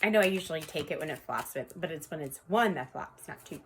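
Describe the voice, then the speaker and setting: A woman in her thirties with a fairly low voice hosts a casual tarot reading from home. She rambles warmly to her viewers and laughs often as she talks. A faint hiss sits under the recording. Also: animated, quick pace. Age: 30s. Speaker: tarot reader.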